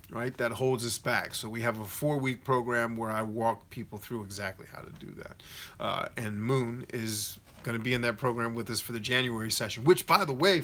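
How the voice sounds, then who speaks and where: Bright-voiced man hosting a live Q&A. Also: medium pitch. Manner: reads viewer comments aloud and answers them directly; motivational coach tone, addresses viewers as friends. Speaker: host of a live Q&A stream. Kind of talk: casual livestream chat.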